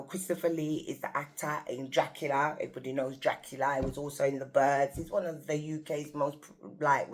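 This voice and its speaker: A woman telling a story to her viewers in a casual, animated, exclamatory way. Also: sits low. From England. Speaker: vlogger.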